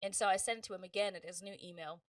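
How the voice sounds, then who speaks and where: Animated woman telling stories, slightly distant. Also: medium pitch, very fast, no echo. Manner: animated, acts out quoted voices, laughs often. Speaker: voice actress guest. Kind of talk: casual interview storytelling.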